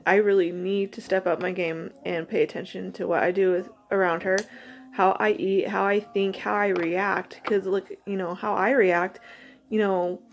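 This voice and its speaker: A mother reads from her journal, then talks reflectively and a little nervously, pausing and restarting as she goes. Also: medium pitch. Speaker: mother vlogging.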